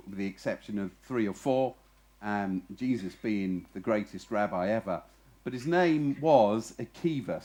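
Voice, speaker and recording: A man preaching at a festival, telling a story and acting out the shouted lines. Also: fairly low pitch. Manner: lively storyteller, acts out shouted voices. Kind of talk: sermon with storytelling. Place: festival stage.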